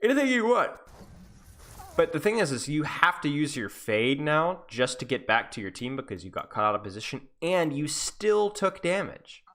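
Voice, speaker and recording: Animated, teasing man coaching a game. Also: moderate pace. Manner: animated, teasing, jumps between high and low. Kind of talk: playful one-on-one coaching.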